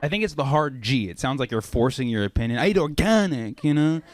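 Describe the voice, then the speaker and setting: A man's voice: mid-range voice, quick pace. A male stand-up comedian performing a playful routine and toying with how words are pronounced. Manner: animated, playful, mock pronunciations.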